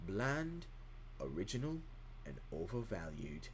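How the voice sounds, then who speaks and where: A man voicing a mock posh British man who pronounces on art, with a put-on British accent and a slow, dry, pompous delivery. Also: on the low side, sing-song, a little hiss or hum, voice pushed down.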